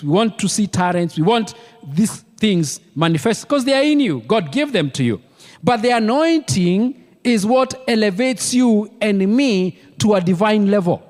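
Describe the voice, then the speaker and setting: A man's voice: sits high, expressive, moderate pace, darkish tone, big-room sound. A man with a Kenyan accent preaching a sermon as pastor, emphatic and repeating key words for weight. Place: church.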